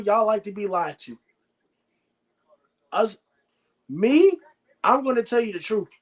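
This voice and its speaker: A man hosting a live sports reaction stream, ranting bluntly and repeating himself. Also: high-pitched. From United States. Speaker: sports show host.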